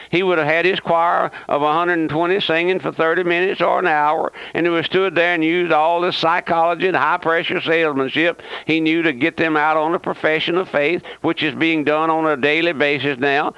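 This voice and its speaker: A man's voice: a little high, fairly bright tone, smooth, no room sound. A man preaching a radio sermon, fervent and folksy, repeating himself and firing rhetorical questions at his listeners with a sarcastic edge. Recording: dry, muffled lo-fi radio recording.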